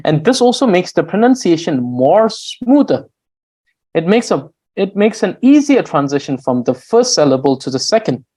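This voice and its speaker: This grammar lesson comes from a male language teacher whose voice sits high, sing-song and mellow, over poor audio. He explains slowly and patiently, drawing out example words amid many fillers and restarts.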